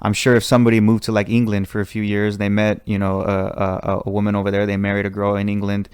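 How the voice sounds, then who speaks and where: A man, a teacher, talking as a podcast guest in casual chat, animated and joking often. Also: lowish voice, quick pace, clear, resonant tone, no echo, clean studio sound. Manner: animated, laughing, jokes in put-on voices.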